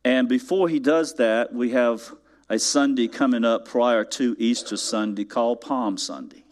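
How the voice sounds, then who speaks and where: A man preaching a sermon, slow and deliberate in places, with sudden rising emphasis on key words. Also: medium pitch. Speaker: pastor.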